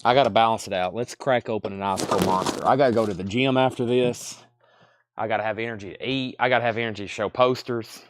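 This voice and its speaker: A man's voice: on the low side, fast. A man hosting a live sale, rambling casually and joking at his own expense. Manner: rambling, self-deprecating, chatty while eating. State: coughing, throat choked. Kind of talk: casual livestream chat.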